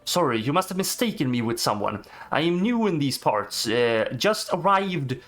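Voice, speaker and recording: A man's voice: a little high, sing-song, normal speed, a bit bright, soft background music, voice pushed down. A man voicing a polite, unsure young male newcomer, reading the lines aloud plainly.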